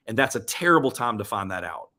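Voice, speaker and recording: A man's voice: fairly low pitch, very animated, quick pace, bright, forceful tone. A man hosting a motivational live stream, speaking earnestly and emotionally. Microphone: webcam or desk mic on live stream.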